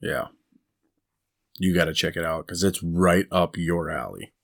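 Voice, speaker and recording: A man's voice: sits low, measured pace, gravelly, a bit bright. A man co-hosting a podcast in casual chat, rambling through stories and laughing at his own jokes. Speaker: podcast co-host.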